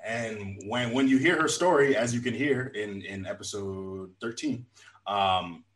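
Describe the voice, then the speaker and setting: A man's voice: on the low side, measured pace, a bit bright, poor audio. Upbeat male podcast host. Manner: laughs often, hypes up guests. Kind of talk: casual chat.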